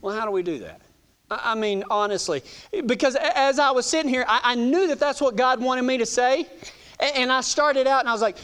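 A man's voice: very high voice, lively intonation, moderate pace, a bit bright, clean tone. A man preaching a sermon in a folksy, storytelling way, often repeating words as he goes.

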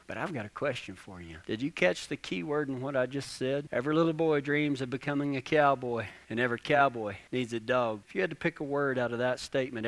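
A young man, preaching a sermon in an animated, folksy storytelling way with lots of repetition. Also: medium pitch, fast talker, hardly any pauses. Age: 20s.

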